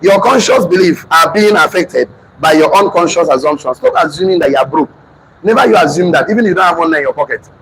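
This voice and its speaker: A man in his thirties with a Nigerian accent, giving an emphatic motivational seminar talk, often shouting and repeating lines for his audience. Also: on the high side, lively intonation, fast. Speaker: motivational speaker. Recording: noisy room recording.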